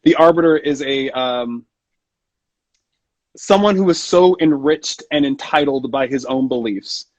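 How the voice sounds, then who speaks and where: A man's voice: medium pitch, unhurried, no room sound. A man, a voice actor, chatting playfully and poking fun at himself in an interview over a video call; his voice is a little scratchy. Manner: playful and self-mocking. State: slightly scratchy voice. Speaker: voice actor guest. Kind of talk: casual interview chat.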